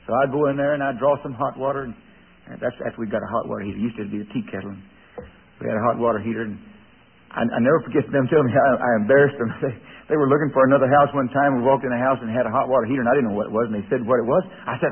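A man's voice: medium pitch, fast, husky. A preacher telling a folksy sermon story, confiding in his listeners with chuckles. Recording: tinny radio broadcast.

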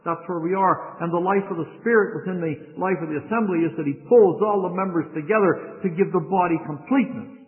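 A man's voice: high voice, a little fast, few pauses. A man preaching a sermon in a conversational, storytelling manner. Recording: tinny phone-like sound in a reverberant hall.

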